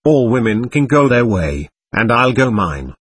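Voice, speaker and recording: Man voicing a stubborn angry male spirit, husky, spiky up-and-down delivery, read from a séance transcript. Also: medium pitch, very animated, measured pace, no echo. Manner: defiant, threatening, scornful. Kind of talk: reading a séance transcript aloud.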